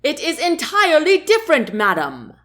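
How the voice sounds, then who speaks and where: A woman's voice: a little high, very animated, measured pace. A woman voicing a smug, condescending male chancellor in a storybook reading, with a haughty, dismissive manner.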